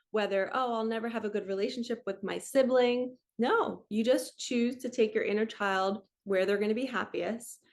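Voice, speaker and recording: A woman coach talks in a relaxed, chatty way, encouraging her listeners with casual spiritual guidance. Her voice sits at an ordinary middle pitch. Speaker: manifestation coach.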